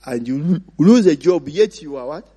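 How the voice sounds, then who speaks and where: Ugandan male preacher, slightly high and very expressive, draws answers from the congregation, reverberant church hall. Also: moderate pace, husky. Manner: prompts the congregation to finish his sentences; mixes in Luganda phrases. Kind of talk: sermon with call-and-response questions. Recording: long reverb of a large hall.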